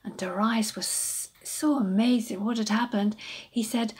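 Brief: slow, breathy woman storyteller for children, hushed and dramatic. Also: medium pitch, steady tone. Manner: hushed, dramatic, often whispered narration.

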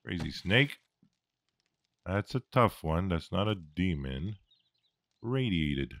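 A man's voice: low voice, sing-song, slow, vocal fry, a bit bright, slight background noise. A man commentating his own gameplay, reacting, joking and swearing as he fights. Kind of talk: let's-play commentary.

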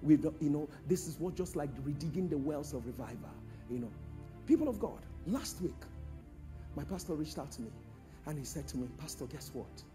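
Pastor preaching with lively pitch. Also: male voice, a little fast, over music. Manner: call-and-response preaching, swings from hushed to shouting. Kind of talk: preaching a sermon.

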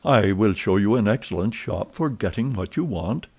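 A calm, suspicious detective, read by a male narrator in a storybook reading, steady and measured. His voice sits low and warm, each question quietly probing. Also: breathy edge.

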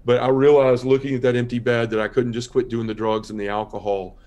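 A man shares his life story as a podcast guest. He speaks in an earnest, quiet, heartfelt way, like someone giving a personal testimony. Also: medium pitch, little pitch movement, fairly quick.

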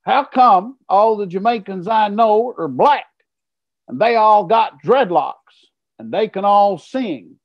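A man's voice: sits high, animated, takes it slowly, dry recording, muffled recording, pitched above the performer's own voice, exaggerated voice. A man putting on a brash, taunting American heckler. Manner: taunting, incredulous.

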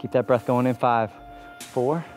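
A man coaching a follow-along workout, energetic, pushing and cheering the viewers on. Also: medium pitch, measured pace, soft background music. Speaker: fitness instructor.

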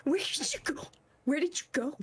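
A woman's voice: high-pitched, animated, moderate pace, breathy edge, voice pushed up, exaggerated voice. A woman playing a creepy demon granny who hunts her grandson in a game, teasing him with giggles, whispers and shrieks. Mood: taunting. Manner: giggly, taunting, swings between whispers and shrieks. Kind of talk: playful game role-play.

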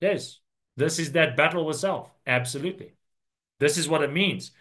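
An earnest male preacher delivering a sermon, his voice sitting a little higher than most men's. He stretches out key words for emphasis as he works through scripture verse by verse. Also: moderate pace, a bit bright.

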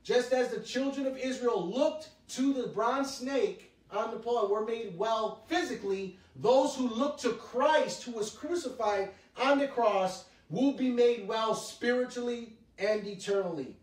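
A man preaches a Bible teaching in an earnest, emphatic way, drawing out the words he wants to stress. His voice sits fairly high. The room is echoey, and he sounds some distance from the mic. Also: a little slow, hardly any pauses. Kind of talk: sermon-style Bible teaching.

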